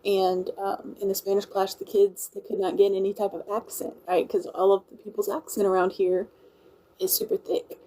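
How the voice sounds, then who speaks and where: A woman's voice: medium pitch, little pitch movement, moderate pace, dark tone, poor audio. A woman from Louisiana with a country and Cajun accent, chatting casually on a livestream and thanking her viewers as she rambles. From Louisiana, USA. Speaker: livestream host. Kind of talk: casual live-stream chat.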